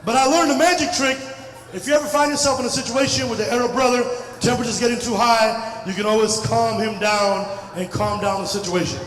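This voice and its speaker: High-voiced shouting stand-up comic in echoey hall. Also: male voice, brisk. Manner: loud, animated crowd work, frequently shouting. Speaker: stand-up comedian. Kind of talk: stand-up comedy set. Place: large crowded festival hall. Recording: echoey hall, far from the mic.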